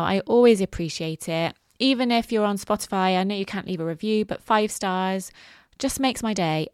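A woman's voice: mid-range voice, clear, resonant tone, dry recording, clean studio sound. A woman in her forties hosting a solo podcast, chatty and self-deprecating. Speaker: podcast host. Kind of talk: casual solo podcast talk.

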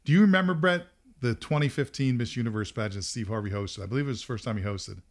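A middle-aged podcast host tells a story in a relaxed, conversational way, talking fast with a medium-pitched voice. He laughs a lot and acts out the quotes as he goes.

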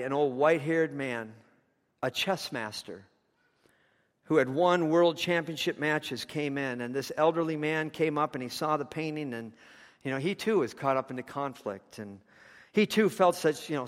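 A man's voice: on the high side, long reverb tail. A man preaching a sermon, telling a story with passion, his intensity rising and falling.

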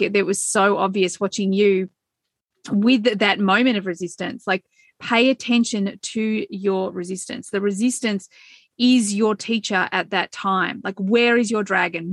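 An excited, effusive woman talking as a tarot reader guest in a casual podcast chat, swearing casually. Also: medium pitch, no room sound, clean studio sound.

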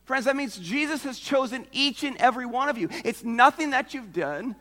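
A man's voice: very high-pitched, expressive, moderate pace, sharp tone, in a large hall. A man preaching a sermon as pastor, earnest and emphatic, who asks rhetorical questions and repeats phrases for effect.

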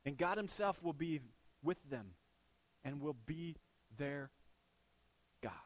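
High-voiced man preaching with swings of intensity. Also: expressive, takes it slowly, no room sound. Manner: conversational preaching, rhetorical questions, swings from hushed to emphatic. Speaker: pastor. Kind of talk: sermon.

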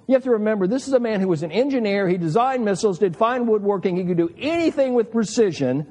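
A man's voice: high-pitched, quick pace, few pauses, mellow. A man in his sixties preaching a sermon to fathers, earnest and emphatic, telling stories and asking rhetorical questions. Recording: long hall reverb.

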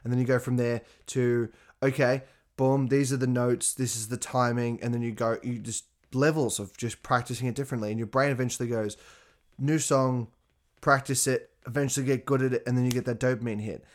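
Give me an animated young man hosting a casual solo podcast, cursing freely, at a mid pitch. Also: fairly quick. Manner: animated, swears freely, frequent asides to listeners. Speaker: podcast host.

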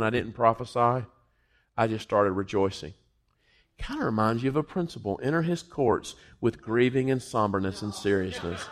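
A middle-aged man preaching a sermon, jumping from quiet, low asides to loud, high exclamations, with jokes and personal stories along the way. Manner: joking, storytelling delivery.

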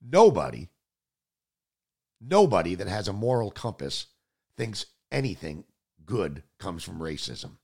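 A man hosting a political talk show, delivering combative, sarcastic commentary that swings between loud outbursts and low mutters. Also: big pitch swings, measured pace, creaky, husky.

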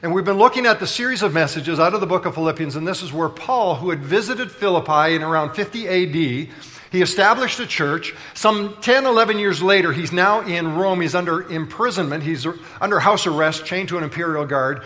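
A man's voice: sits high, a little fast, bright, forceful tone. A man preaching a sermon as pastor, telling stories in a playful, conversational way and bantering with the congregation. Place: large church auditorium.

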